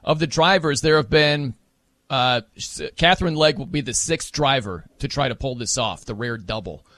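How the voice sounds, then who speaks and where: A man hosting a casual sports talk show, chatting with animated energy and breaking into playful mock voices. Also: mid-range voice, moderate pace, no echo. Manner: animated, mimics wrestling announcers for laughs.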